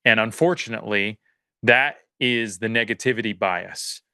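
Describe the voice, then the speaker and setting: A man's voice: fairly low pitch, moderate pace, sharp tone, clear, resonant tone, dry recording. A man speaking as a podcast guest, earnest and reflective, often circling back and restarting his thoughts. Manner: earnest, searching, lots of fillers and restarts. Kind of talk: casual reflective conversation.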